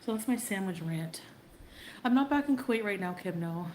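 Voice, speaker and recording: A woman's voice: mid-range voice, expressive, normal speed, crowd noise. A woman chatting casually on a livestream, laughing and greeting viewers by name. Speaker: livestreamer in a played clip. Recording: echoey room with faint background noise.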